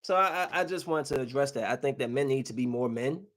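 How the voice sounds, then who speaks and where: A man hosting a podcast, delivering a comedic monologue that swings between loud outbursts and low, muttered asides. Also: quick pace. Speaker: podcast host.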